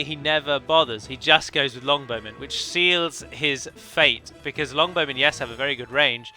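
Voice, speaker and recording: A man commentating on his own multiplayer strategy match, chatty and analytical, often correcting himself mid-sentence. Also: mid-range voice. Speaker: let's play commentator. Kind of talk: game commentary.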